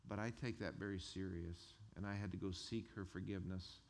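A male pastor who preaches a sermon in a conversational, animated way and chuckles between his points. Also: sits low, brisk.

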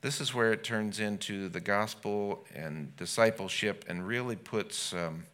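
A man's voice: fairly low pitch, unhurried, a bit bright. A man, a pastor, preaching an earnest sermon that builds to impassioned exclamations.

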